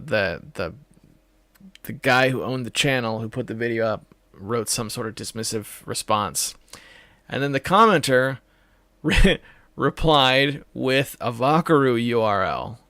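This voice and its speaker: Gravelly guy telling a story, stops and starts a lot, dry sound. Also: medium pitch, a bit bright, no room sound. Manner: halting, full of restarts. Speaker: podcast co-host. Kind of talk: casual chat.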